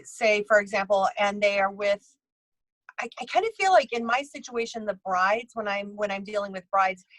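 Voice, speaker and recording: A woman's voice: medium pitch, fairly bright tone, dry recording, poor audio. Chatty woman telling stories, dry sound. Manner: rambling, with many restarts and fillers; acts out other people's lines in her stories. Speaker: psychic medium and bridal tailor, podcast guest. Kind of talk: casual interview storytelling.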